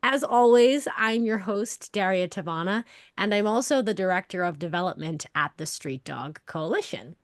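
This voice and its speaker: A woman's voice: mid-range voice, lively intonation, moderate pace, dry recording, studio quality. A woman hosting a podcast, bubbly and enthusiastic, chatting casually and laughing often. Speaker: podcast host. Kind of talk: casual interview chat.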